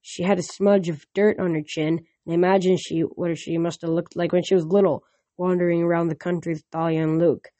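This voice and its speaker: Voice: medium pitch, flat delivery, a little fast, mellow, no room sound. A reader reading a novel aloud in first person, with frequent slips and restarts.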